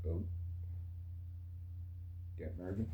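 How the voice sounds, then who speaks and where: A man's voice: low-pitched, drawn-out words, narrow, tinny audio, noisy background. Rambling man in a roomy space. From Canada. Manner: rambling, digressive, many fillers and restarts. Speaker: vlogger and musician. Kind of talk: casual rambling chat.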